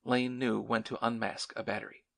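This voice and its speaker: Gravelly male audiobook narrator. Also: mid-range voice, little pitch movement, moderate pace, a bit bright. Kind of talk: scripted narration.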